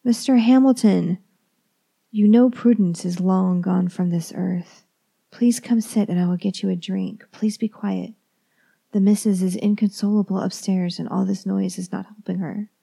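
A woman's voice: mid-range voice, steady tone, normal speed, vocal fry, mellow, breathy edge. A woman voicing an anxious household nanny within a horror story reading. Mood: pleading.

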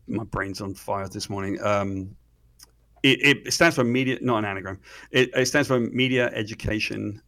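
A middle-aged man, an interview guest telling stories excitedly, swearing freely and often restarting his sentences. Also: on the low side, vocal fry. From Britain. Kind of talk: animated storytelling in conversation.

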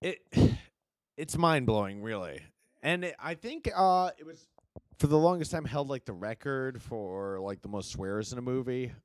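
A young man in casual chat, laid-back and often trailing off quietly. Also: mid-range voice, lively intonation, a little slow, dry recording.

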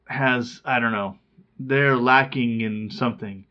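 A man's voice: mid-range voice, fairly even intonation, takes it slowly. Male co-host, rambling chatty talker, slightly muffled recording. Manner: chatty, rambling, laughs at his own stories. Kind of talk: casual chat. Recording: slightly dull lo-fi sound.

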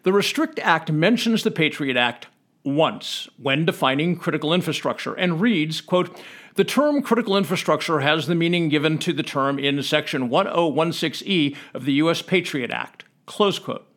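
A man hosting a podcast, reading and explaining legal definitions in a measured, emphatic way, quoting statutes aloud. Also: fairly high pitch, lively intonation, a bit bright. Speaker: podcast host explaining law.

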